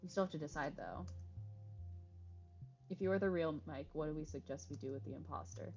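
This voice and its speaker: A woman with a low, gravelly, somewhat mellow voice speaks fairly quickly while streaming a game. She reads dialogue choices aloud with casual jokes and plenty of swearing, heard through slightly dull lo-fi audio with faint music.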